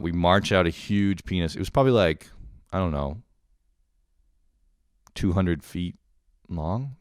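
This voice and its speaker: A young man from Canada talks solo for his podcast, rambling loosely and swearing freely. His voice sits low and deep. The recording is dry and close, with no room sound. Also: clear, resonant tone, no room sound. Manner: profane, rambling, laughing often. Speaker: podcast host. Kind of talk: casual monologue.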